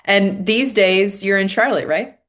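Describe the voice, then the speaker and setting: A woman's voice: mid-range voice, unhurried, a bit bright. A woman co-hosting a business podcast, asking thoughtful questions. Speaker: podcast co-host. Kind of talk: casual podcast conversation.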